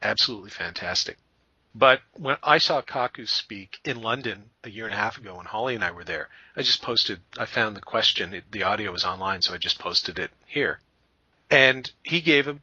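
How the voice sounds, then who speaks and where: A man from Canada hosting a podcast, telling rambling, animated stories in a casual chat. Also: on the low side, slightly rough, no echo, muffled recording. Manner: rambling, animated storyteller who breaks into funny voices. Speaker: podcast host.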